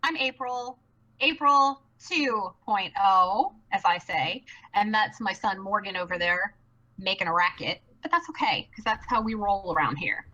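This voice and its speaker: Woman, live stream co-host, bubbly, excitable, rambling, bright tone. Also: mid-range voice, dull audio. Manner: bubbly, rambling, fast excited delivery with many fillers.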